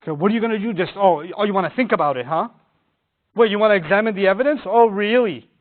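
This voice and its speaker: A man's voice: quick pace, lightly acted. A man voicing a scheming woman who fakes being the victim and goads her husband. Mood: goading. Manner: shrill, indignant, goading. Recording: tinny phone-like sound.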